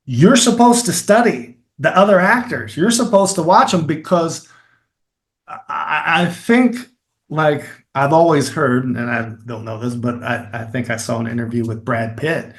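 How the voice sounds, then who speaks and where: A middle-aged man with a Kentucky accent, a filmmaker and acting teacher, explaining his methods in a lively, demonstrative way as an interview guest. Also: on the high side, unhurried. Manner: animated, explains with demonstrations and repeated phrases. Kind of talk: conversational interview.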